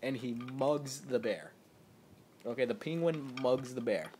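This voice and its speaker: A man's voice: lively intonation, unhurried. Rambling guy with a noisy home camera. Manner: rambling and hesitant, full of ums and "you know"; low-key, mostly quiet delivery. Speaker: storyteller. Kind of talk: rambling improvised absurd story. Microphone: handheld camera held by a friend. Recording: noisy home video with clattering dishes.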